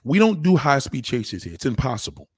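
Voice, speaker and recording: This man hails from New York City and sounds it, his medium-pitched, slightly rough voice running fairly quick. In a casual, profane monologue he swears and mimics others animatedly, captured in clean studio sound without room sound.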